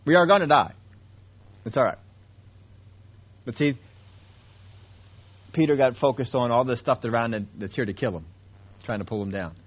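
A man's voice: fairly even intonation, moderate pace, pauses often, slightly rough, dull audio. Emphatic male pastor preaching. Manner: preaching, swinging between hushed low tones and raised emphatic lines. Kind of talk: sermon.

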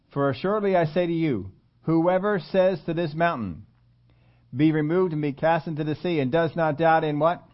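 A man's voice: sits high, dull audio. A man preaching a sermon, reading scripture and asking the listeners questions in an emphatic way, repeating key phrases. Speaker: pastor.

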